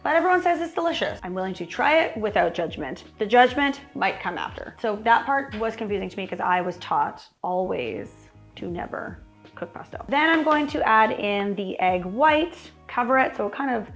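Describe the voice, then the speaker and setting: A woman's voice: mid-range voice, sing-song, moderate pace, soft background music. A woman hosting a cooking show in her home kitchen, chatty and wry as she talks through each step. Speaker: cooking channel host. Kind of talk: casual cooking demonstration.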